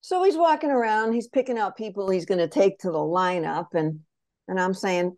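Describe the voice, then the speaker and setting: A woman spirit messenger telling a past-life reading as an animated story, acting out quotes and often asking if the listener follows. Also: mid-range voice, fairly quick, no room sound. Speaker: spirit messenger, podcast guest.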